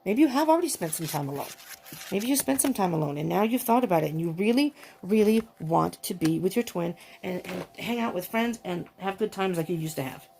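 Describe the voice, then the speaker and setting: A woman doing a tarot reading, talking in a gushing, excitable way, often breaking off with exclamations and restarting her sentences. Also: fairly low pitch, brisk, a little hiss or hum. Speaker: tarot reader.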